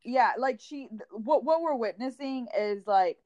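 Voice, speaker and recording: Woman podcast co-host, blunt, swears a lot, slightly high voice, dry close sound. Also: lively intonation, a little slow, warm tone, no echo, lo-fi sound. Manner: blunt, profane, gossipy. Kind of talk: casual chat.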